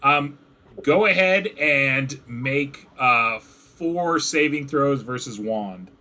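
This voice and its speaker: A young man runs a tabletop game in a loose, chatty way, padding every description with filler words. His voice has a bright, forward tone at an ordinary pitch. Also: expressive, slow. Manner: rambling, filler-heavy descriptions. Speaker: game master. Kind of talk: running a tabletop game, casual.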